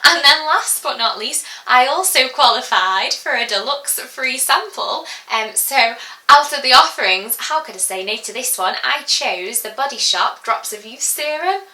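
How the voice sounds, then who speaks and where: A young woman chatting casually through a haul video, rambling and filling pauses as she goes. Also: high-pitched, expressive, pushed and bright. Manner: chatty and rambling, full of giggles and fillers. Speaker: beauty vlogger. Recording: echoey room.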